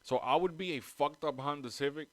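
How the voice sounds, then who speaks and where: A man's voice: fairly high pitch, brisk, a bit bright, dry recording. A man hosting a casual podcast from home, rambling and swearing freely as he jumps between topics and drifts around the mic. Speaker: podcast host. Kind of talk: casual chat. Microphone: moves around the mic.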